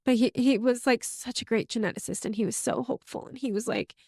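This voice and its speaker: A woman's voice: fairly high pitch, fast talker, darkish tone, husky, dry recording, studio quality. A young adult woman and podcast host, telling her own story in a candid, emotional way with many "like" fillers. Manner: emotional, open, frequent "like" fillers.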